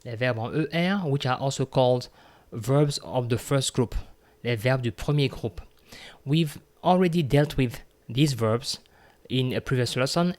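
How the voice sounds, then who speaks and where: A man teaching a grammar lesson as a teacher, explaining patiently step by step, with filler words and repeats. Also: medium pitch. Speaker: French teacher.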